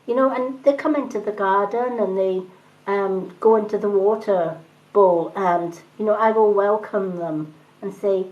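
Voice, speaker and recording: A middle-aged woman giving a gentle, chatty spiritual talk to viewers on a live stream. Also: medium pitch, unhurried, dull audio. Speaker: tarot reader on a live stream.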